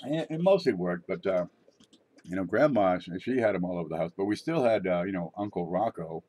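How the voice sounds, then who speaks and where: Middle-aged male vlogger, low husky voice, offhand joking ramble. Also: expressive, a little fast, mellow. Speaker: channel host. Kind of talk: casual rambling vlog monologue.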